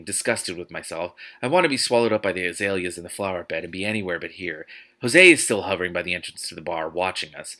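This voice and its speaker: A man's voice: deep voice, bright, forceful tone. A man reading a novel aloud with exasperated, sarcastic commentary. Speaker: host reading a book aloud.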